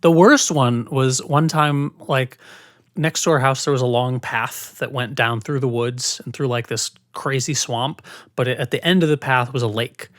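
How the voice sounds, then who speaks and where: A woman's voice: extremely low pitch, normal speed, dry recording, studio quality. A woman guest frankly retelling a personal story in casual podcast chat, with many fillers. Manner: frank, animated retelling with lots of "like".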